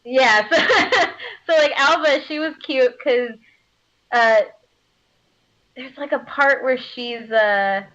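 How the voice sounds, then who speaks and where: A woman's voice: high voice, slow, pauses often, a bit bright. A woman voice actor chatting casually in an interview, bubbly, laughing often and using plenty of filler words. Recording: slightly muffled audio.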